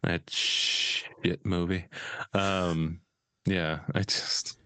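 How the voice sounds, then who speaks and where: Deep gravelly man, laid-back rambling co-host, dry close sound. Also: little pitch movement, extremely slow, sharp tone, no echo. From California. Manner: laid-back, rambling, frequent fillers, blunt cursing. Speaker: podcast co-host. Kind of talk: casual podcast chat.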